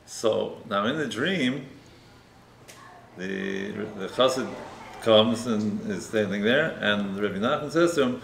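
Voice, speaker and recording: A man's voice: fairly low pitch, unhurried, creaky, a bit bright. A man, a rabbi, preaching and telling a story in a conversational way, often ending points with a tag question. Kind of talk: sermon with storytelling. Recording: roomy echo, faint noise.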